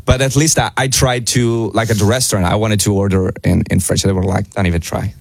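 A man with an Italian accent, a native Italian speaker, chatting as a radio guest, animated and laughing often. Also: fairly low pitch, fairly quick. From Italy. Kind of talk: casual radio chat.

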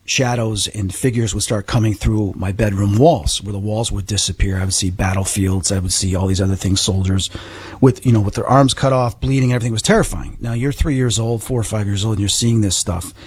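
Husky-voiced man telling a personal story. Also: fairly low pitch, a little fast. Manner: animated, earnest storyteller. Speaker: guest.

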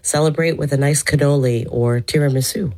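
A woman's voice: deep voice, fairly quick, darkish tone. A woman calling into a radio show, speaking in a proud, cheerful way. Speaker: caller. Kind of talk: call-in chat.

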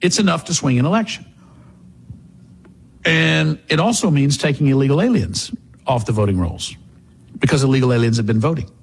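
A man's voice: mid-range voice, lively intonation, fairly quick, gravelly, pauses often, breathy edge. A man hosting a political talk radio show, sarcastic and mocking in his monologue.

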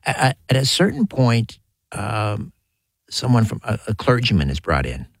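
Husky man hosting with lively pitch. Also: moderate pace, dry recording, studio quality. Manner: short reactions and curious follow-up questions. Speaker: host. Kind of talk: casual interview.

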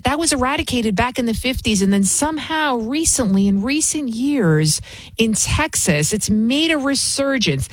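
A woman's voice: medium pitch, dry recording. A woman talk show host delivering an emphatic, sarcastic political commentary monologue, often repeating her points.

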